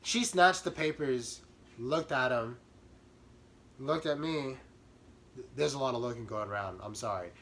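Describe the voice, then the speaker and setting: A young man telling a comic storytime about himself in an animated, self-mocking way. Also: mid-range voice, measured pace, long pauses, a little hiss or hum. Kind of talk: comedic storytime.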